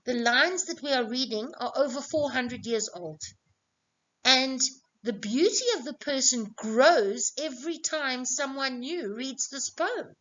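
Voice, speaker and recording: A woman's voice: sits high, unhurried, fairly bright tone. A woman teaching an exam revision lesson, explaining patiently and answering her own questions. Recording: dull lo-fi recording.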